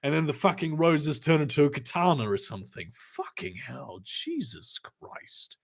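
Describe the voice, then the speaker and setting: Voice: mid-range voice, very animated, normal speed, vocal fry. A comedic reader doing a dramatic reading with sarcastic, exasperated commentary, swearing often.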